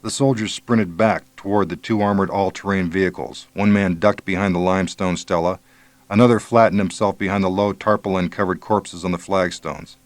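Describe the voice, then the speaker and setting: A man narrating an audiobook in a measured, low-key way. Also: fairly even intonation, no echo.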